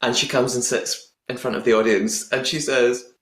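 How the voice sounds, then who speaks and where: A man's voice: medium pitch, moderate pace. Chatty man in a roomy echo. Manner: giggly, chatty, animated retelling. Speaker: podcast host. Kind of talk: casual recap chat.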